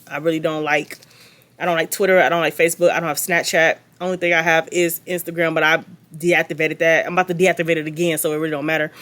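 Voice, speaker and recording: Young woman telling a storytime, animated, gossipy, lots of sarcastic side comments. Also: sits low. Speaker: vlogger. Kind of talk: casual storytime chat.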